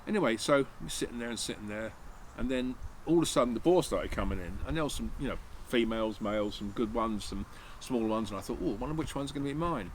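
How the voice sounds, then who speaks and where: A man's voice: medium pitch, fast, few pauses, a little hiss or hum, rough recording. A man casually telling a long anecdote, rambling with restarts and acting out what people said. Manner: rambling, anecdotal, acts out dialogue with many restarts. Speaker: channel host telling a hunting anecdote. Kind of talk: casual storytelling.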